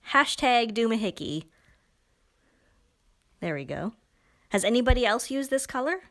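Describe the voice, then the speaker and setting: A woman's voice: a little high, very animated, moderate pace, long pauses. A woman hosting a casual live stream from a pen shop, chatty and giggly, with self-mocking asides as she demonstrates inks. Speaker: live-stream host demoing pens and ink.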